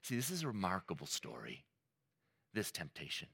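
Male pastor, preaching with earnest emphasis and story asides; lower voice that swings widely. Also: huge pitch swings, normal speed, gravelly, pushed and bright, husky. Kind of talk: sermon.

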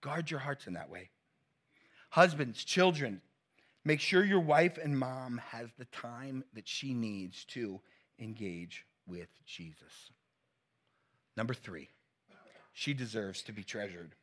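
A man's voice: medium pitch, lively intonation, takes it slowly, pauses often, fairly bright tone. A middle-aged male pastor preaching a sermon in a conversational, teasing way, laughing at his own jokes.

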